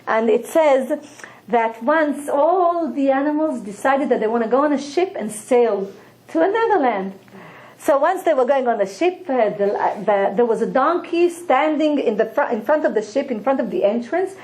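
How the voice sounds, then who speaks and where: Animated high-voiced woman telling a story. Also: moderate pace. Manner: animated, laughs while telling. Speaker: Torah teacher. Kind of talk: storytelling Torah lesson. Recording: echoey room.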